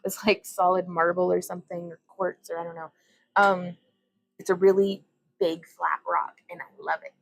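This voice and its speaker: A woman's voice: fairly low pitch, level tone, normal speed, creaky, rough recording. A young woman hosting a casual glass bead livestream from her home workbench, chatting and rambling as she greets viewers. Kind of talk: casual craft demonstration livestream.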